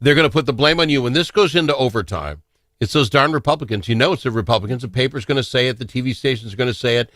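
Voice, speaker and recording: A man's voice: mid-range voice, fast, a bit bright, no room sound, clean studio sound. A man hosting a radio talk show in a teasing, opinionated, casual way.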